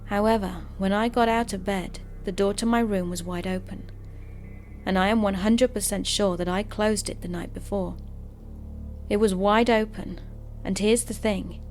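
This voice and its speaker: Female horror narrator with a medium-pitched, even, steady delivery over faint music. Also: normal speed. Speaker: host and narrator of horror stories. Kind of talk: scripted horror story narration.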